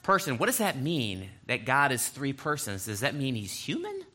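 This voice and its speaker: A man's voice: medium pitch, wildly swooping pitch, normal speed, sharp tone. A man preaching a sermon, reading scripture aloud and breaking in with explanatory asides. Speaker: pastor.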